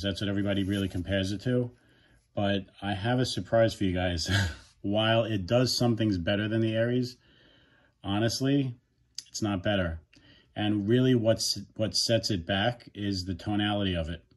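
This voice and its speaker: A man's voice: lowish voice, darkish tone. A man giving a casual, frank product review, talking freely and often restarting or correcting himself mid-sentence. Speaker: audio gear reviewer.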